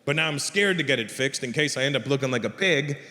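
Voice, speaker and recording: A man doing stand-up comedy, telling stories in a brash, profane, animated way before a live audience. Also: mid-range voice, quick pace, a little hiss or hum. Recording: reverberant live stage with crowd.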